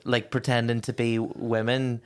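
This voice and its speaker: A man's voice: medium pitch, flat delivery, a little slow, clear, resonant tone. Wry, jokey Northern Irish man. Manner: wry, jokey, sweary banter. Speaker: podcast guest. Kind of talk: casual podcast chat.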